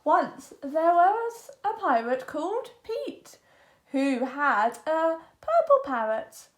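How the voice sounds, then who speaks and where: A woman reading a children's picture book aloud in an animated, expressive way. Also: sits high, slow. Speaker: storyteller. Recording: echoey room.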